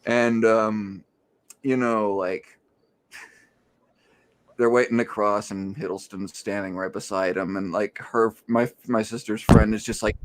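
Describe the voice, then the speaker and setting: A man's voice: lowish voice, fairly even intonation, unhurried. American man rambling through a story. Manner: loose storytelling, heavy use of filler "like". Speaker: podcast co-host. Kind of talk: rambling anecdote and casual review chat.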